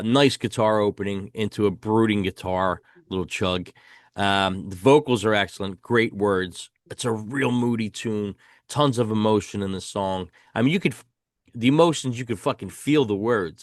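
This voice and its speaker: A man's voice: lowish voice, no echo, clean studio sound. A man hosting a casual album review chat, enthusiastic and swearing casually as he hands rankings to his co-host. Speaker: podcast host.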